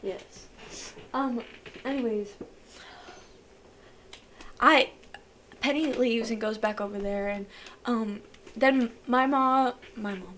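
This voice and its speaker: A woman's voice: a little high, slow pace, pauses often, a little hiss or hum. A woman co-hosting a casual podcast, telling a story animatedly and acting out each person's voice. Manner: animated, acts out each voice in her story, laughs often. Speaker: podcast co-host.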